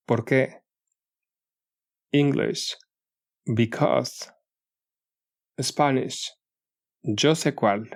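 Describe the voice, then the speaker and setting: A man narrating a language lesson audiobook, reading paired example phrases in a measured way. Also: mid-range voice.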